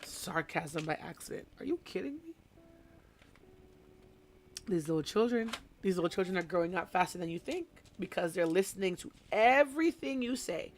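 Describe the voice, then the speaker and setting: A young woman who teaches small children, chatting casually and telling an animated story while she does a craft on a live stream. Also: lowish voice, moderate pace, slight background noise. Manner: animated storytelling, mimics voices, chatty asides. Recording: soft background music.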